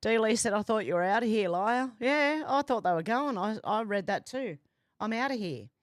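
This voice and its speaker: Lively intonation marks this fairly high-pitched Australian woman, who reads comments from her livestream chat at normal speed, amused and talkative. She's broadcasting casually from home with doors and windows open, in echo-free, studio-quality audio.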